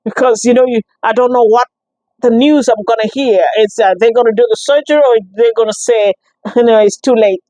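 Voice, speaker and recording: A woman giving a personal testimony, telling her story in an animated, expressive way, with many restarts and acted-out exchanges. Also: on the high side, fairly quick, dry recording, rough recording. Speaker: guest sharing a testimony.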